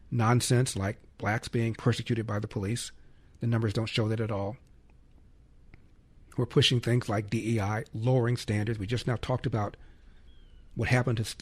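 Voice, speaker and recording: A man's voice: mid-range voice, darkish tone. A man hosting a call-in radio talk show, arguing emphatically and firing off rhetorical questions.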